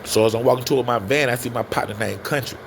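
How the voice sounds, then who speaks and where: A man telling a personal story in a casual, animated way, often turning to his listeners. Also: medium pitch, quick pace, vocal fry, a little hiss or hum. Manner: animated, addresses listeners as y'all. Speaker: storyteller guest.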